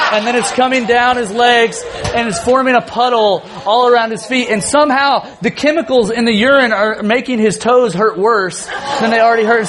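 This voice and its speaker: A man in his thirties, a youth pastor telling a funny family story in a sermon, animated and often laughing. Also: very high voice, background noise.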